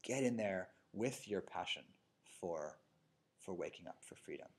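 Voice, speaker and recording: A man's voice: low voice, expressive, measured pace, breathy edge. A man meditation teacher giving a casual dharma talk in a yoga studio, telling stories and checking in with "right?" and "you know". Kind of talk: dharma talk to a live group. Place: yoga studio with a seated audience.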